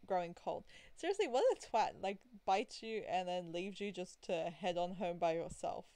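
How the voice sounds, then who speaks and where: A woman's voice: fairly low pitch, darkish tone. A woman playing through a visual novel, reading the story aloud and breaking off into chatty, rambling asides with giggles. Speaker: let's play gamer.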